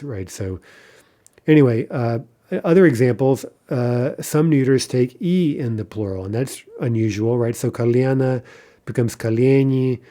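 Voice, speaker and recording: Speaking in a mid-range voice with a dark tone, a man gives a patient, explanatory language lesson. He keeps asking "right?" and pauses on fillers.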